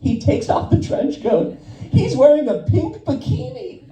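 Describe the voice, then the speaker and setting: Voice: high-pitched, sing-song, a little slow, dark tone, roomy sound, far from the mic, poor audio. A stand-up comedian telling loose, profane stories on a club stage and laughing at their own jokes. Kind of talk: stand-up set at an open mic.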